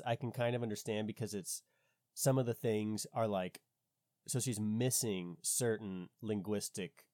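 Skeptical man with a dark, dry voice. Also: fairly low pitch, no echo. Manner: skeptical, questioning, thinks aloud with restarts. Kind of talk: casual conversation.

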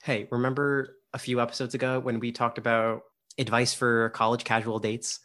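A young man co-hosting a podcast in a casual, rambling way. He laughs often and stumbles over his words. His voice sits at an ordinary middle pitch. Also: level tone, normal speed, fairly bright tone. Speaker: podcast co-host.

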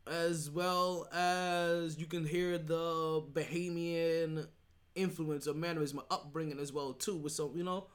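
A man's voice: a little high, level tone, unhurried. A man hosting a sports podcast solo, talking casually and emphatically, rambling with restarts and asking "right?" often. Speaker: podcast host.

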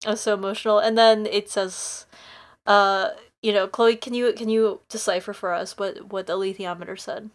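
A woman's voice: medium pitch, steady tone. Gushing, emotional woman podcaster. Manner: gushing, emotional, quick asides. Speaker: podcast co-host. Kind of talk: casual chat, recapping a TV show.

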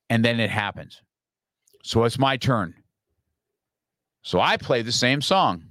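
A middle-aged man on a podcast, telling a story in a lively, casual way and acting out his own lines from the past. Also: mid-range voice, unhurried, long pauses, no echo. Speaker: podcast guest.

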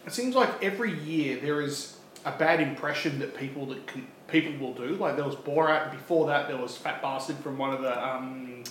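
A man's voice: a little high, normal speed, fairly bright tone. A young man co-hosting a casual podcast, joking and chatty. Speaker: podcast co-host. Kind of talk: casual chat. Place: room in a house, echoey. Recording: echoey room, faint hiss.

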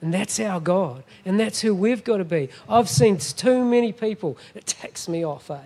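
A man's voice: sits high, normal speed, a little mellow. A middle-aged man preaching a sermon as a guest pastor, emphatic and often asking the congregation "Amen?".

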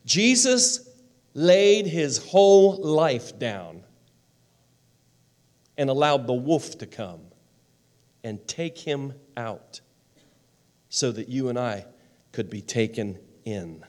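A man pastor delivering a sermon, stressing phrases slowly and dropping into soft, close storytelling. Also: mid-range voice, lively intonation. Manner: emphatic preaching with slow, drawn-out phrases and soft storytelling stretches.

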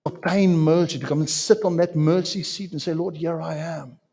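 A man preaching a sermon as a pastor, with dramatic swings in pitch and loudness. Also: fairly even intonation, moderate pace, vocal fry.

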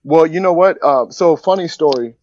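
A man, a former pro football player, telling stories as a podcast guest in a casual, animated way and acting out the voices of people in his stories. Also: on the high side, normal speed. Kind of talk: casual storytelling chat. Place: at home, joining remotely. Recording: dull, dry remote audio.

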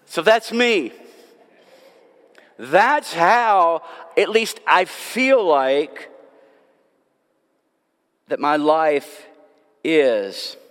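A man, a pastor, preaching a sermon, telling self-mocking stories and then dropping to hushed, drawn-out words. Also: a little high, sing-song. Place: church sanctuary. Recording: long hall reverb.

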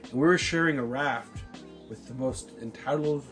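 A man in his forties telling a story in casual chat, profane and animated, often checking in with "right?". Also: mid-range voice, normal speed, soft background music.

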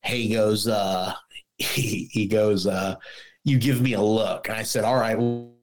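A man's voice: fairly low pitch, steady tone, unhurried, faint music behind, poor audio. Blunt, profane middle-aged man telling stories. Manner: blunt, profane storyteller, acts out dialogue. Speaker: guest, former police officer. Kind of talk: casual podcast chat.

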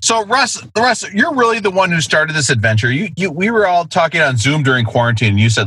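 A man's voice: fairly high pitch, fairly quick, hardly any pauses, husky, no room sound. A middle-aged man hosting a podcast, chatting casually with lots of swearing and laughter. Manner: profane, animated, laughing. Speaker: podcast host. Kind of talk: casual chat.

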